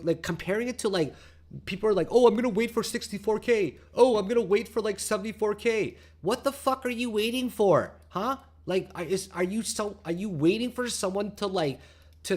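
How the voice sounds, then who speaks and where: A brash man with a slightly raised voice hosts a crypto trading show. He talks crudely and bluntly, mocking panicked viewers with loud jeers, then settles into a calmer tone to walk through the charts. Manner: calmer, lower explanatory tone while reading charts. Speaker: crypto trading channel host. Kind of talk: profane, excitable market commentary.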